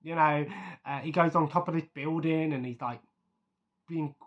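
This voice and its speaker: A man's voice: a little high, steady tone, moderate pace, lo-fi sound. A man in casual chat, rambling through his favourite scenes with many fillers and chuckles. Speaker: vlogger.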